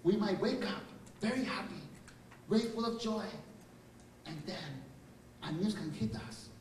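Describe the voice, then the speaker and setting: A man's voice: high-pitched, measured pace, darkish tone, slight background noise. Male spiritual teacher, reflective storyteller, distant roomy hall recording. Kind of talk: inspirational lecture with personal stories. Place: university lecture hall. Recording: roomy hall, speaker far from mic, faint ambience.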